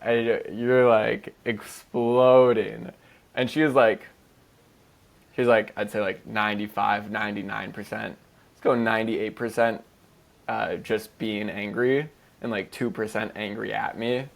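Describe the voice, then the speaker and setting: A man co-hosting a podcast in an easygoing, rambling chat. His voice sits low with a gravelly fry. He swears casually and leans heavily on "like" between his thoughts. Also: fairly even intonation, moderate pace. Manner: loose, profane, heavy "like" fillers. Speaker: podcast co-host.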